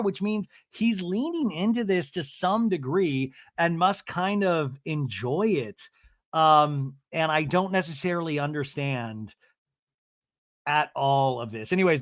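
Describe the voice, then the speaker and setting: A man's voice: fairly high pitch, a bit bright, dry recording, clean studio sound. A man hosting a podcast, giving a casual, rambling TV recap full of crude jokes. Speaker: podcast host.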